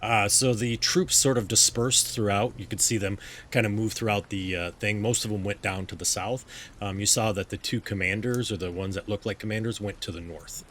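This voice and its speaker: A man's voice: on the low side, fairly even intonation, a little fast, fairly bright tone, slight background noise. A man narrating a tabletop game as game master, hesitant, with frequent ums and restarts.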